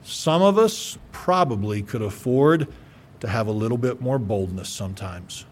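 A pastor preaching a radio sermon, forceful and emphatic, stumbling over repeated words as he builds up. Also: mid-range voice, animated, a little slow.

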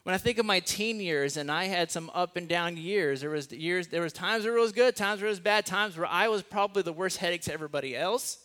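A young man from Los Angeles preaching a conversational sermon, slowing to a hushed voice on key phrases and joking at his own expense. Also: high-pitched. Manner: conversational and self-deprecating. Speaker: guest preacher.

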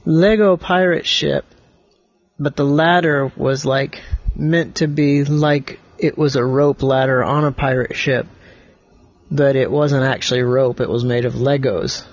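A man making up a bedtime story for a child, gentle and patient, explaining things simply. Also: medium pitch, fairly even intonation, slow pace, muffled recording.

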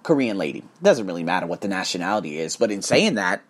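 A husky voice rants straight to camera, pitch leaping up and dropping low as the points land. The talk is profane and emphatic, heated but loose and conversational, like an unscripted vlog. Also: big pitch swings, quick pace. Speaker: English teacher in Bangkok. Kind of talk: casual ranting vlog.

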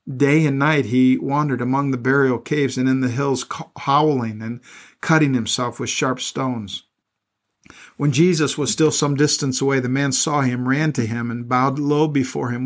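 Earnest middle-aged man preaching a sermon. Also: mid-range voice. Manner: earnest, stops to add plain commentary, repeats words. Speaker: pastor. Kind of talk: sermon with scripture reading.

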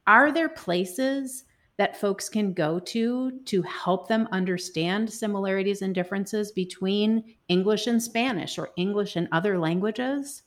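A woman's voice: medium pitch, a little slow. A woman hosts a podcast interview and thinks aloud in a conversational way. Her questions to the guest come across as reflective. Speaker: podcast host.

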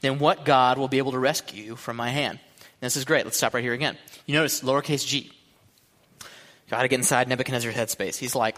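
A young man preaching a sermon, animated and joking, breaking into shouts and laughter. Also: medium pitch, quick pace. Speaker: pastor. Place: church hall. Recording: long hall reverb.

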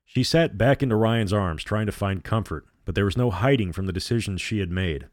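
Low-voiced man reading a dark story. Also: no echo, clean studio sound. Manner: measured, dramatic reading. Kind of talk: audiobook-style reading of a novel.

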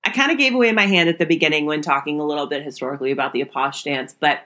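Young woman w/ a deep-ish voice doing a chatty podcast recap, giggles a lot. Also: very fast, a bit bright. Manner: chatty, laughs often, many fillers. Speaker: podcast host. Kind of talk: casual episode recap.

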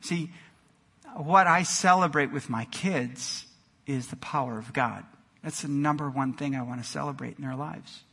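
A male pastor delivering an energetic sermon in a church, moving between loud exclamations and quiet emphasis. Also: medium pitch, normal speed, gravelly, slightly rough. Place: church sanctuary. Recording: long hall reverb.

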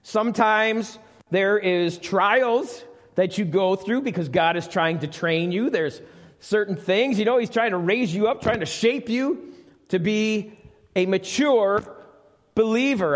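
In a church sanctuary, a middle-aged man delivers a conversational sermon and puts questions to the congregation in a high, animated but slow voice. The live recording has a long reverb tail.

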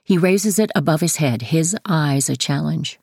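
A woman narrating her own memoir audiobook in a steady first-person storytelling manner. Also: low-pitched, a little slow, creaky, husky, no room sound, studio quality.

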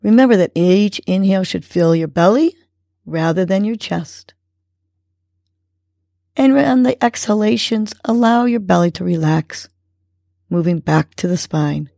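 A woman hosting a podcast, calmly guiding listeners through breathing exercises and affirmations. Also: mid-range voice, vocal fry, no echo, studio quality. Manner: slow, calm guiding delivery. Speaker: podcast host.

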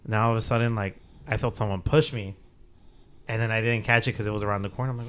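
A young man co-hosting a podcast speaks quickly in a fairly low, somewhat bright voice with fairly even intonation. He tells his story loosely, cursing freely, laughing a lot and impersonating what others said.

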